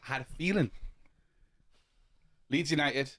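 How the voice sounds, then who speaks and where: A man's voice: medium pitch, measured pace, fairly bright tone. A man co-hosting a podcast, chatting casually and teasing with dry one-liners. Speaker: podcast co-host. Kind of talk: casual chat.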